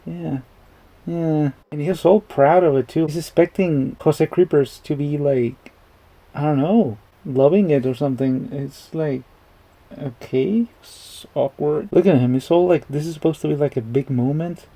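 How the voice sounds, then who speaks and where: A man's voice: on the high side, normal speed, mellow, low-quality recording. A man giving rambling, casual commentary while reacting to a movie, chuckling and swearing freely.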